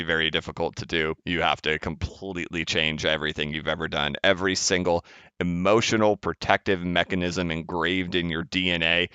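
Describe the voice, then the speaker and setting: Guy doing a casual emphatic market rant, low smooth voice, dry dull mic. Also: sharp tone, no room sound. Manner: emphatic, repetitive, chuckling asides. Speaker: channel host. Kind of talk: casual market commentary monologue.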